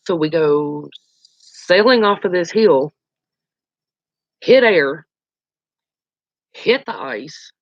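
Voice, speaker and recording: A speaker in their forties spins a story in casual, colloquial talk, full of exclamations. The voice sits at a middle pitch. The recording is dull and lo-fi, with a dry, close sound. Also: lively intonation, extremely slow, pauses often, dry recording. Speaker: outdoors channel host.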